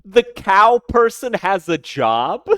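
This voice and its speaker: A man reacting to a video with loud, profane, animated commentary. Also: high voice, slow, no echo.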